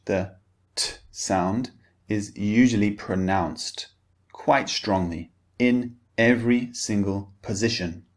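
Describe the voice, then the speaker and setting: A man teaching pronunciation, speaking carefully and enunciating each word for learners to repeat. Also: fairly low pitch. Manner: slow, careful, clearly enunciated drills. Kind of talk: pronunciation lesson.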